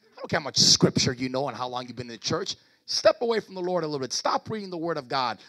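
A man's voice: fairly high pitch, big pitch swings, fast talker, a bit bright. A man preaching a sermon at a church service as pastor, calling out to the congregation and urging them to respond.

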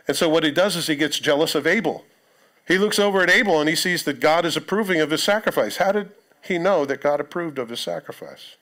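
A male pastor delivers a sermon in a church, his voice sitting a little high for a man. He keeps it conversational and breaks off into joking asides to the congregation. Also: fairly bright tone. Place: church sanctuary.

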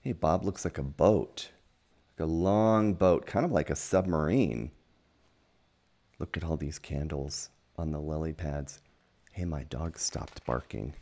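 A man reading a children's picture book aloud at home, gentle and unhurried, pausing to point out the pictures. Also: a bass voice. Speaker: storytime reader. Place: at home with a dog.

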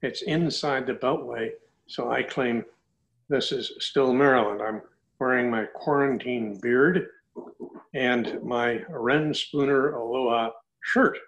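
A man's voice: medium pitch, slow, fairly bright tone, dull audio. An older man giving a guest talk from home to an online meeting, with dry, joking delivery. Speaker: guest speaker.

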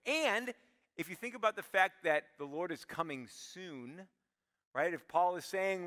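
A male pastor delivers a sermon in a high, bright voice that rings through a church hall with a long reverb. He is animated, acting out hurried prayers in quick asides, then sinking to soft, hushed tones.

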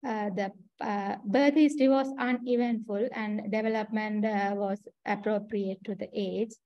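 A woman's voice: mid-range voice, fairly even intonation, unhurried, dry recording, dull audio. A woman with a Sri Lankan accent giving a clinical case presentation, hesitant with many fillers and restarts. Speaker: trainee doctor presenting a case.

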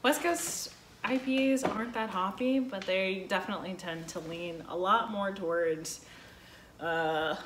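A woman's voice: mid-range voice, measured pace, a bit bright. A woman from Texas with a Southern accent, hosting a casual chat in a chatty, playful way. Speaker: host. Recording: echoey room with faint noise.

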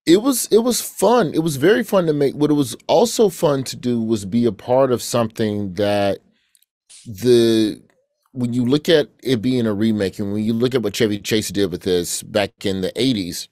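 A man's voice: mid-range voice, moderate pace, no echo, studio quality. Man from Alabama, joking storyteller. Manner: relaxed storytelling, joking asides. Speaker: actor and comedian guest. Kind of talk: casual interview chat.

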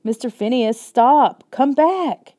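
A woman voicing a mischievous boy who shouts in panic after his runaway dog. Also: high voice, animated, slow pace, voice pushed up. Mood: panicked.

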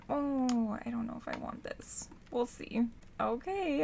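Young woman gaming, high voice all over the place, gushy and excitable, little bit of hiss behind. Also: measured pace, creaky. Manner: excitable, squeals and gushes. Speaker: gaming channel host. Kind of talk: casual gameplay commentary.

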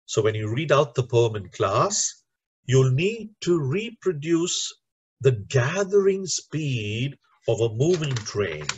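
A husky man speaks slowly and deliberately as he teaches a lecture to teachers, explaining each point step by step and checking in with "right?" along the way. The recording is dull and lo-fi. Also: medium pitch, sing-song. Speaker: teacher trainer.

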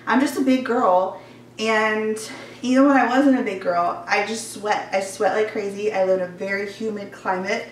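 A woman's voice: mid-range voice, fairly even intonation, normal speed. A young woman chatting casually in a try-on haul, gushing over clothes with lots of fillers, slightly out of breath. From Georgia, US Southern. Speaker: fashion vlogger. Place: warm bedroom at home. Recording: echoey room, voice a bit far off.

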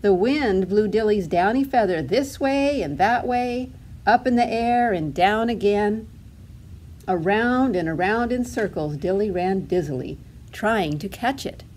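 A woman's voice: medium pitch, expressive, unhurried, a little mellow. A woman librarian reading a storybook aloud to toddlers in a sing-song way, asking the children questions as she goes.

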